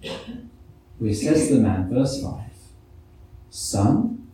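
A man's voice: mid-range voice, lively intonation, slow, mellow, a little hiss or hum. A man preaching a sermon, reading scripture and putting many rhetorical questions to the congregation. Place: church. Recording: echoey church hall, mic from a distance.

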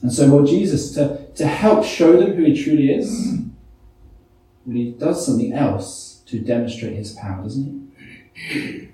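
A man's voice: medium pitch, a little slow, pauses often, mellow. A man preaching a sermon, reading scripture and putting many rhetorical questions to the congregation. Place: church. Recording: echoey church hall, mic from a distance.

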